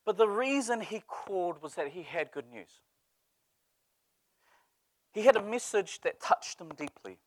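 A man's voice: sits high, a little slow, long pauses, no room sound. A man preaching a sermon, telling stories with humor. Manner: lively storytelling with humor. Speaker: pastor.

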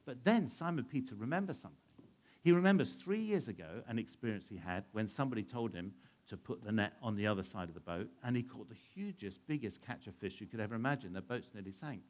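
A man's voice: lowish voice, animated, fast. A man telling a Bible story to children, asking them questions and acting out the scenes. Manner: asks the listeners questions and plays out the scenes. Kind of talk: animated Bible storytelling to a young audience.

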